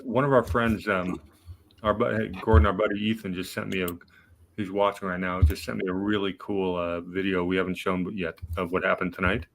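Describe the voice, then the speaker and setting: Man, livestream co-host, deep low voice, quick talker, jokey interjections. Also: flat delivery, slight background noise. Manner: joking, interjecting. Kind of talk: livestream political discussion.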